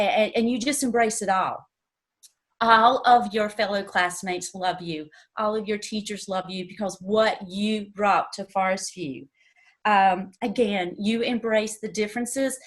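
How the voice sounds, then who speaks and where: An older woman with a Southern US accent speaks as a teacher paying tribute to a student. Her delivery is emotional and halting, and she sounds close to tears. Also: mid-range voice. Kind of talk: heartfelt tribute speech.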